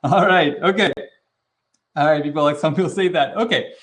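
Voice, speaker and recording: A fairly high-voiced man leads an online class in an easygoing, energetic way. He keeps the audience involved and often slips in Arabic religious phrases. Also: normal speed. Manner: energetic, casual, acts out quoted reactions. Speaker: webinar host and trainer. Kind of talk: interactive online teaching.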